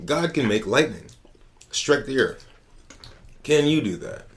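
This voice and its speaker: A man hosting a relaxed podcast chat, retelling stories in loose, profane street slang. His voice sits at an ordinary middle pitch, and his delivery is lively and conversational. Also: a little slow. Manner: slangy, animated storytelling with profanity. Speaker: podcast host.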